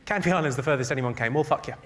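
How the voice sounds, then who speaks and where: A man doing stand-up, roasting the audience with a deadpan, teasing delivery on stage. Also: mid-range voice, racing, heavy background noise. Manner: deadpan, teasing crowd work. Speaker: stand-up comedian. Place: live theatre with an audience. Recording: loud audience laughter behind.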